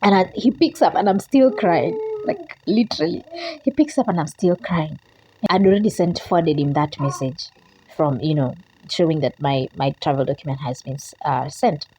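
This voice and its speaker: A woman's voice: low-pitched, moderate pace, mellow, slight background noise, poor audio. A young woman vlogger telling a story to camera in a casual, emotional way, repeating herself and quoting her own prayers and phone calls.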